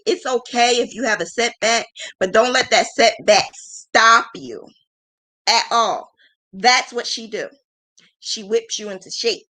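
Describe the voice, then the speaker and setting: A woman in her thirties hosts a livestream of casual chat, rambling frankly, laughing often and poking fun at herself. Her voice is medium-pitched with a fairly bright tone.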